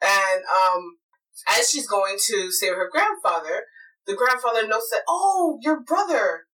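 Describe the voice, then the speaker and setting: A woman in a casual chat, excitedly recapping a drama episode and acting out the characters' lines, often laughing. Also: medium pitch, normal speed, distant mic, low-quality recording. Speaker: drama recap podcast co-host.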